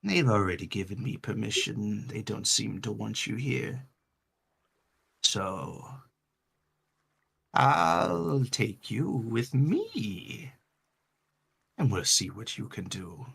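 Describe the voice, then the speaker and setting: A man voicing a calm, curious male storm giant with gadgets, in a hushed, breathy tone for a tabletop game. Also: fairly low pitch, slow pace, long pauses, heavily acted.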